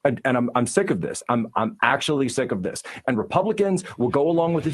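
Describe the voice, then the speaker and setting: A man's voice: medium pitch, animated, quick pace, hardly any pauses, breathy edge. A man ranting about politics, indignant and repeating himself. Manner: indignant, repetitive. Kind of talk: political rant.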